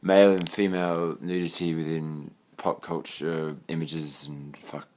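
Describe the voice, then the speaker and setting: Casual room-tour vlogger: young Australian guy, deep voice, meandering and sweary. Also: level tone, unhurried, darkish tone. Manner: rambling, swears casually, trails off with fillers. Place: own bedroom.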